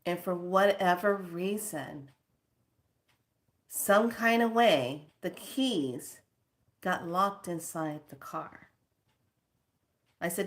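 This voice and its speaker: Brief: spiritual teacher, woman, sassy storyteller with a lower voice. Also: slow pace, long pauses. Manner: animated, emphatic, sassy.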